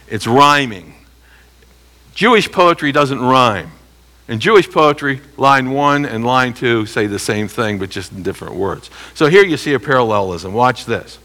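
A man teaching a Bible lesson verse by verse in a lively way, often checking that listeners are following. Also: mid-range voice, a little slow. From United States. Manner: animated, keeps checking listeners with rhetorical questions.

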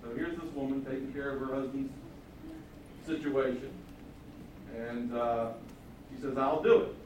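A man preaching a sermon in an animated storytelling style, often acting out the lines he quotes. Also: medium pitch, a little slow, distant mic, background noise. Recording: echoey hall, mic from afar.

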